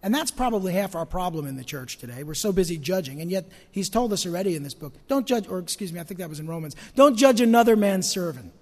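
Animated high-voiced male pastor, church reverb. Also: fast talker, few pauses. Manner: dramatic swings between loud emphasis and hushed asides; rhetorical questions to the congregation. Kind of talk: sermon.

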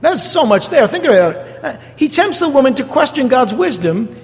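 A man's voice: extremely high pitch, very animated, fairly quick. A male pastor preaching a sermon, emphatic, repeating key phrases and asking the congregation rhetorical questions. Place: church sanctuary. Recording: long church hall reverb.

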